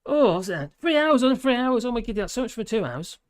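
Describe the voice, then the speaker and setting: A man's voice: very high voice, very animated, brisk. A man from the UK hosting a live stream, chatting in a rambling way and reading viewer comments, tired and often laughing. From United Kingdom.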